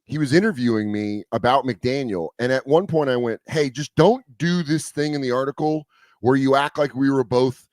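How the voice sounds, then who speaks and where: A man's voice: medium pitch, normal speed, no room sound. A man chatting on a studio mic in a dry, close sound, spinning stories with lots of energy. He swears casually and jumps into quoted voices as he goes, an easygoing comedian on a talk show. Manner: animated storyteller who acts out quoted voices, swears freely. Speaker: comedian guest. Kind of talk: casual storytelling chat.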